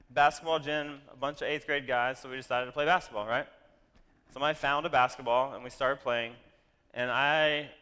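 A man telling a personal story to an audience, animated and full of self-deprecating asides. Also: mid-range voice, clear, resonant tone, big-room sound.

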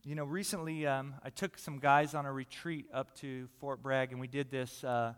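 A man preaching a sermon in a church hall, conversational and animated, dropping to a soft hush and rising loud again. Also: medium pitch, moderate pace, clean tone. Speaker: pastor. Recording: long reverb of a large hall.

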